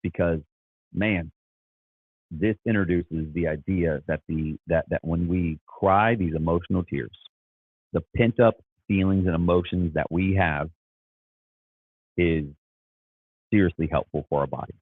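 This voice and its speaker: A man's voice: sits low, measured pace, breathy edge, no room sound, narrow, tinny audio. A man talking as a Christian life coach, earnest and encouraging, often repeating and restarting his words. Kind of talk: casual motivational talk.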